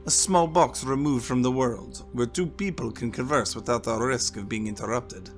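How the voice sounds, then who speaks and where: Man doing a gentle French priest. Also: normal speed, soft background music, natural voice. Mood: musing. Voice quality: warm and deep, soft-spoken. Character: priest, calm middle-aged man, gentle talker.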